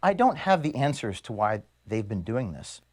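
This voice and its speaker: A man, the founder of an organization, reading an earnest, measured video statement to his staff from his office. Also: on the low side, big pitch swings, darkish tone. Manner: earnest, measured, grievance-laden. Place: office at headquarters.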